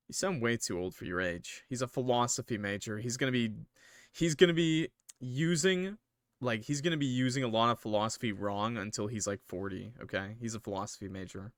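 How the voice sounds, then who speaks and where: A man's voice: mid-range voice, fairly quick, no room sound, studio quality. A man streaming, reading a visual novel aloud with casual, jokey asides.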